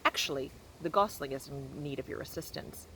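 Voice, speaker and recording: A woman's voice: sits low, a little fast, noisy background, close to an everyday voice. A woman voicing a polite, earnest female robot who speaks formally and cheerfully. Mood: friendly.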